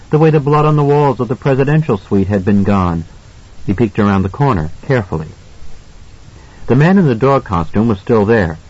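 A man's voice: on the low side, darkish tone, lo-fi sound. Man reading a suspenseful novel. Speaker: audiobook narrator. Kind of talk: scripted narration.

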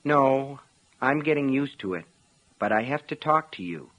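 A man's voice: medium pitch, lively intonation, normal speed, a bit bright, muffled recording. A man doing a sly, coaxing talking foxtail.

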